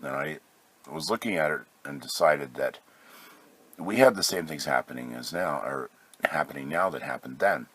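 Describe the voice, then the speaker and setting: A man's voice: very deep voice, moderate pace, a bit bright, slightly rough. A man hosting a solo podcast from home with a sick voice, talking loosely with many fillers and self-corrections. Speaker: podcast host. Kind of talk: casual solo podcast monologue.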